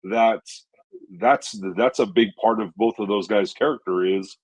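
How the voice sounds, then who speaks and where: Podcast co-host guy, husky voice, dry close sound, says "you know" a lot. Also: fairly low pitch, dry recording, rough recording. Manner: measured, hedging, many "you know" and "right?". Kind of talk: casual chat.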